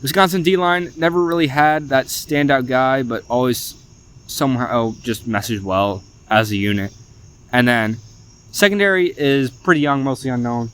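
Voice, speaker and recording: A young man, hosting a casual sports podcast, chatty and animated, often saying "y'all". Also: medium pitch, normal speed, clean tone. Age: young adult. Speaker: podcast host.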